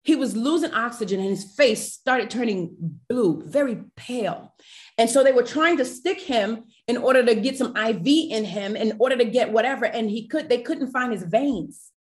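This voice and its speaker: A young woman guest on a talk podcast recounts a tense personal story. Her voice sits a little high, and she slips into quoted dialogue with emotion rising in her delivery. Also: moderate pace.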